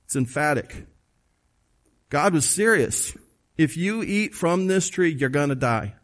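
Male pastor, slightly higher voice, emphatic conversational preaching, checks in with the listeners. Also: expressive, measured pace, fairly bright tone. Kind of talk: sermon.

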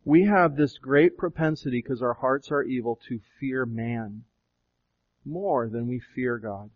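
A pastor preaching a sermon, questioning his listeners again and again, swelling with emphasis and slowing to draw out key phrases. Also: mid-range voice. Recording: dull lo-fi recording.

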